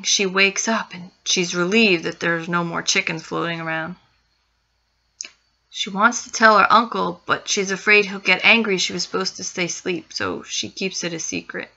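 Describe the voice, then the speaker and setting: A woman's voice: mid-range voice, sharp tone. A woman narrating a spooky story with suspense, repeating phrases for effect. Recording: dull lo-fi recording.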